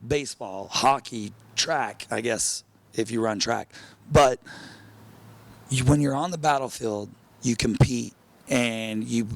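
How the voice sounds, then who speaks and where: A man in a bar talking about a rival in an emphatic, fired-up way, repeating himself for weight. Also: mid-range voice. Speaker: reality show contestant. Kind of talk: casual interview.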